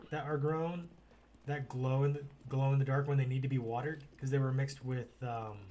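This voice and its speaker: A man's voice: mid-range voice, slight background noise. Swearing man ranting over a video game. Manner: swears often, rants and yells at the game. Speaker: gaming streamer. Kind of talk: casual game commentary.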